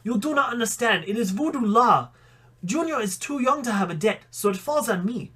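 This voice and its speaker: A man's voice: extremely high pitch, expressive, moderate pace, sharp tone, husky, pitched above the performer's own voice, full character voice. A man doing a stern wind spirit mother with a put-on accent. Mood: formal. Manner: put-on accent, scolding and formal.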